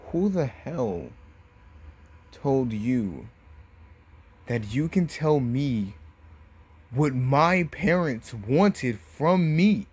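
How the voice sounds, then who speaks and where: A man voicing an arrogant, menacing young male ninja in a casually told fan story, with slow, taunting, drawn-out threats. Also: fairly low pitch, slightly rough. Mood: angry.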